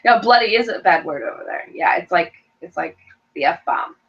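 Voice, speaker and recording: Animated, chatty middle-aged woman. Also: fairly low pitch, moderate pace. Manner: animated, chatty, laughs a lot, puts on voices to quote people. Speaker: co-host, mother. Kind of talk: casual chat. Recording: dull lo-fi recording.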